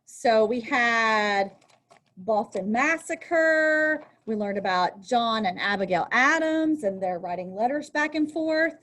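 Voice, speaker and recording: Slow-talking woman teacher. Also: on the high side, animated, a bit bright. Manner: reads aloud, then explains in chatty asides. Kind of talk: recorded history lesson. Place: at a desk with a workbook.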